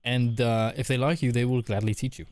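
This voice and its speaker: A man talks casually and frankly to his stream, reading out chat messages and laughing often between thoughts. His voice sits in an ordinary middle pitch. It is recorded close and dry, with no room sound. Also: fairly even intonation, fairly quick, darkish tone, no room sound.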